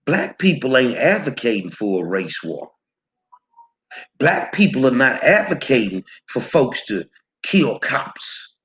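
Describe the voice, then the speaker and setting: A man's voice: medium pitch, sing-song, takes it slowly, fairly bright tone. A man hosting his own show, delivering heated, profane commentary straight at his viewers, confrontational and stumbling over repeated words. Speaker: show host.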